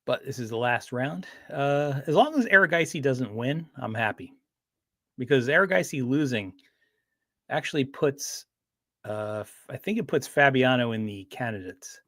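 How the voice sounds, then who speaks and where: This streamer's medium-pitched voice is animated, bright and forceful at a normal speed, recorded dry with a clean studio sound. Chatting casually on his livestream, he rambles with frequent restarts and fillers.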